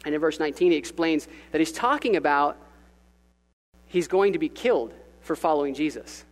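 A male pastor preaching a sermon in an animated, conversational way with jokey asides. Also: a little high, fairly quick, big-room sound, rough recording.

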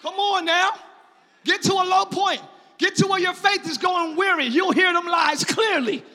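A male pastor preaches a sermon in a very high, sharp voice, often rising to shouts. He swings between quiet sarcasm and impassioned calls. A long church reverb trails his words. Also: normal speed. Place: church sanctuary.

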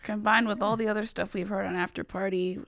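A woman's voice: medium pitch, fairly even intonation, fast, gravelly, fairly bright tone, no room sound. Chatty woman co-hosting a podcast, dry sound. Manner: chatty, frequent "like" fillers. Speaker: podcast co-host. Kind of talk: casual podcast recap chat.

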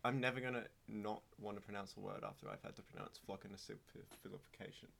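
A man's voice: on the low side, wildly swooping pitch, brisk, vocal fry, fairly bright tone, slight background noise. An Australian man co-hosting a casual podcast, jokey and riffing with mock story narration. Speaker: podcast co-host.

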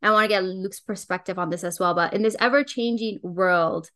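A woman's voice: mid-range voice, brisk, bright, forceful tone. A woman hosting her podcast, enthusiastic and chatty as she introduces and questions her guest. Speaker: podcast host. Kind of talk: casual podcast interview.

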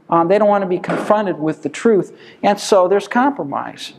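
A man's voice: high voice, moderate pace, gravelly, hardly any pauses, a little hiss or hum. Man teaching an informal Bible study. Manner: conversational, asks rhetorical questions then answers them.

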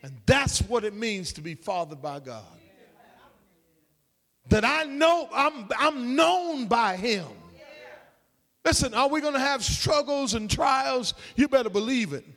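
A man preaching in a church, his voice pitched very high and swinging widely in melody. He moves between rhythmic, sing-song phrasing and full shouts. A long reverb trails behind him in the hall. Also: expressive, a little slow. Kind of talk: sermon.

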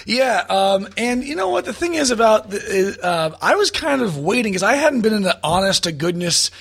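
A man's voice: sits high, moderate pace, gravelly, breathy edge. A man from Orange County, California, a comedian telling stories in casual chat, acting out voices and swearing. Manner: animated storyteller, acts out voices, swears. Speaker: stand-up comedian guest.

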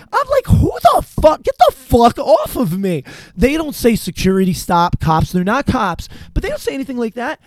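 Animated, profane young man telling stories. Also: sits high, no echo. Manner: animated, profane, acts out quotes loudly. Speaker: podcast host. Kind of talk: casual storytelling chat.

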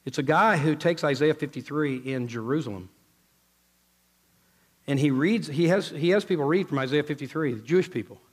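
A man preaching a sermon, emphatic, moving from loud exclaiming to low, intense passages as he quotes scripture and retells stories. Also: normal speed, breathy edge.

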